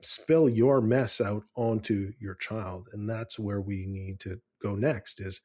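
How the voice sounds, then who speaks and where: Low-voiced, mellow man on a podcast. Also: slow pace. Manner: calm, earnest, tells personal stories with many restarts. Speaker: podcast co-host. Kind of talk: casual podcast chat.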